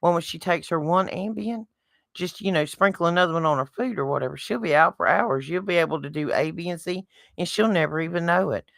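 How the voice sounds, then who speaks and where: A middle-aged woman with a Southern US accent talks in a low, blunt, folksy way, driving her points home with homespun comparisons. The sound is close and dry, with no room around her. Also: brisk, creaky, no echo. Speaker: podcast co-host. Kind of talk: casual chat.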